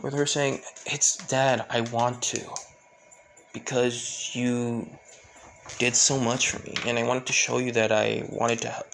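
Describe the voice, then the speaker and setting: A man's voice: mid-range voice, little pitch movement, unhurried, creaky, fairly bright tone, a little hiss or hum. A man telling an improvised fan story, rambling and correcting himself as he loosely voices each character's lines.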